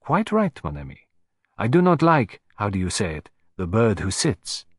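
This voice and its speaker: A man voicing a fussy, precise Belgian detective who speaks in a measured, lightly ironic way. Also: fairly low pitch, huge pitch swings, breathy edge, no room sound, exaggerated voice.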